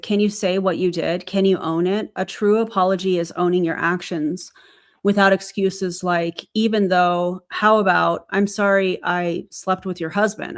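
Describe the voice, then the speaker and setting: A woman with a lowish voice hosts a live stream. She reads private messages aloud with steady, earnest care and adds brief remarks between them.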